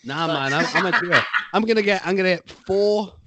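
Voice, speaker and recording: A man's voice: high-pitched, quick pace, heavy background noise. A young man co-hosting a podcast, chatting crudely and acting out other people's voices. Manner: animated, swearing, acts out quoted voices. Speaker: podcast co-host. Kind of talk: crude casual chat.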